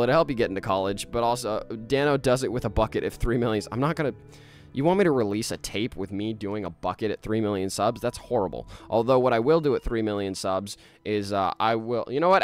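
Chatty excitable man streaming a game. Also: on the low side, smooth. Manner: excitable, chatty, laughs often, talks to chat. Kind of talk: live gameplay stream chat.

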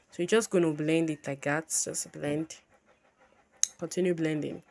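A woman's voice: low-pitched, steady tone, measured pace, mellow. A woman hosting a casual makeup tutorial, chatty and bubbly, who repeats her instructions again and again.

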